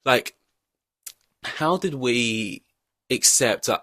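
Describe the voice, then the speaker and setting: A man's voice: on the low side, normal speed, a bit bright, dry recording. A young man hosting a podcast in casual chat, rambling through long-winded analogies and poking fun at himself. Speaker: podcast host.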